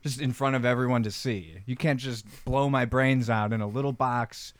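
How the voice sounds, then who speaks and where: A man's voice: medium pitch, normal speed, no echo. A man guesting on a comedy podcast, ranting defensively in a rambling way. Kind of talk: improvised comedy character rant.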